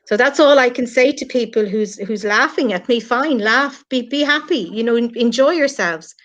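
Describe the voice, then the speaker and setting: A middle-aged Irish woman speaks in an earnest, heartfelt way, addressing her critics head-on. Her voice sits a little high. The stream audio is muffled and lo-fi. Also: normal speed, a bit bright. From Ireland. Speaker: guest on a live stream. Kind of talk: emotional live-stream chat.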